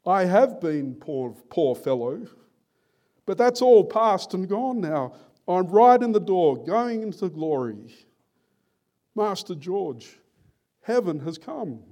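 A man voicing a dying old man who speaks solemnly and slowly of his faith and of going home to heaven. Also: a little high, warm tone, voice pushed up, full character voice. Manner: solemn, slow and exalted.

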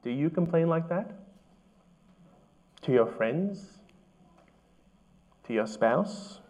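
A man preaching a sermon as pastor, earnest and measured, asking his listeners questions. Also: on the high side, lively intonation, a little mellow.

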